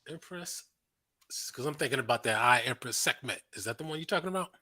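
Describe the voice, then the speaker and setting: A man's voice: mid-range voice, animated, quick pace, pushed and bright, slight background noise. A man hosting a casual online panel, chatty and joking with callers. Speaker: panel host.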